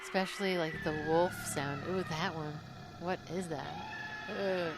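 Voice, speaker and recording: A woman's voice: fairly low pitch, steady tone, unhurried, very noisy. A woman co-hosting a podcast, chatting in a giggly, enthusiastic way. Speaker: co-host. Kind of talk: casual podcast chat.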